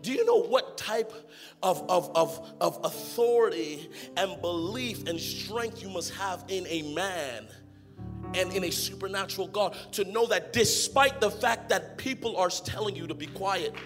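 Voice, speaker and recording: A young adult man preaching an energetic sermon, rising to shouted, half-sung exhortation. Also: sits high, measured pace. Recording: music playing behind.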